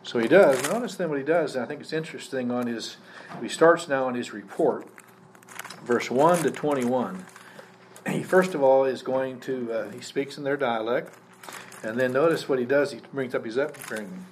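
A man's voice: medium pitch, moderate pace. A male pastor giving a live sermon, teaching conversationally and putting questions to the congregation. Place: church service. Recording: faint background noise from a live service.

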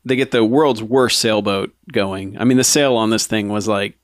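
A man's voice: fairly low pitch, fairly even intonation, normal speed, dry recording, studio quality. A man chatting casually about a movie, retelling scenes and acting out the characters' lines.

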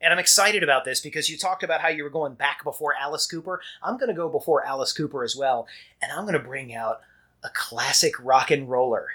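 A man's voice: on the high side, sharp tone, slightly rough. An American man co-hosting a podcast in casual chat, enthusiastic and knowledgeable. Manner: enthusiastic, knowledgeable, quick to laugh. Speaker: podcast co-host.

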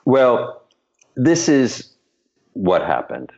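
Older man, lively storyteller, muffled sound. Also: mid-range voice, drawn-out words. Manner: animated storyteller, laughs between stories. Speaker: choreographer guest. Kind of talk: anecdotal interview storytelling. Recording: dull lo-fi recording.

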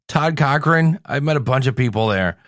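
A man's voice: mid-range voice, animated, normal speed, fairly bright tone, no room sound, studio quality. A male podcast host talking casually on his show, tired and sick with a cold, rambling and joking at himself. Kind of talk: casual solo podcast talk.

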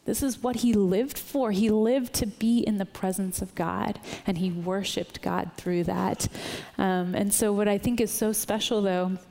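A woman's voice: mid-range voice, steady tone, unhurried, creaky, dark tone, big-room sound. Earnest woman giving a conversational sermon. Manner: earnest, informal, often checks in with "right?". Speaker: church speaker.

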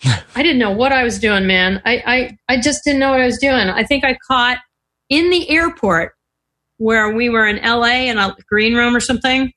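Lively older woman telling stories. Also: on the high side, normal speed. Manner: lively storyteller, acts out quoted voices, laughs often. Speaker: podcast guest. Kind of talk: casual storytelling interview.

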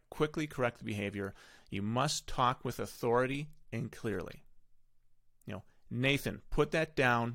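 A man's voice: mid-range voice, gravelly, fairly bright tone, dry recording, studio quality. A middle-aged man hosting a podcast, giving casual, rambling parenting advice full of self-corrections. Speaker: podcast host.

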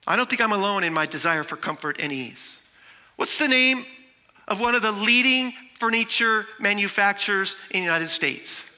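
A man preaching a sermon with dramatic delivery, shifting between loud and soft. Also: high-pitched, animated, moderate pace, in a large hall. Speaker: pastor.

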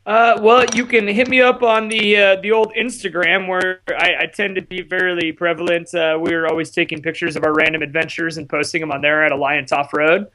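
A man's voice: high voice, flat delivery, brisk, hardly any pauses, pushed and bright. A man chatting as a guest on a casual podcast, laid-back and easygoing. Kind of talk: casual chat.

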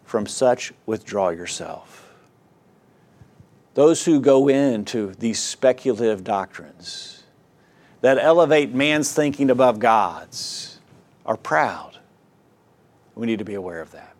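A man preaching a sermon, earnest and exhorting, who reads scripture aloud in a measured cadence and swings between quiet, low passages and loud, rising emphasis. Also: expressive. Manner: earnest preaching with wide swings in pitch and volume.

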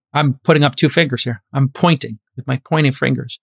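A man's voice: mid-range voice, a little fast, vocal fry, fairly bright tone, slightly rough, no echo, studio quality. A man in his fifties, an investor hosting a podcast, talking in a casual, emphatic and preachy way. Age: 50s. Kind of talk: casual chat.

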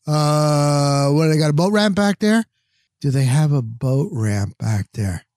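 A man's voice: on the high side, expressive, slow, a little mellow, no room sound, studio quality. A man voicing a blunt, oblivious man in his sixties who asks curt questions.

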